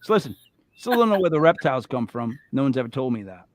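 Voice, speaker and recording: A man hosting a podcast, chatting casually in an animated, joking, rambling way. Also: medium pitch, fast talker, no echo. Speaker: podcast host. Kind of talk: casual chat.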